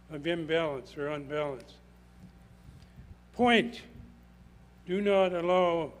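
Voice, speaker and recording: A man's voice: on the high side, poor audio. An older man preaching a sermon with emphatic delivery, repeating key phrases for stress.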